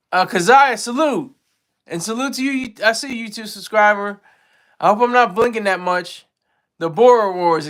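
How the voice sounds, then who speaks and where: Rambling, chatty high-voiced man. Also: bright, forceful tone. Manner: rambling, laughs often, many fillers and restarts. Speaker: host of a commentary stream. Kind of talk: casual commentary on rap news.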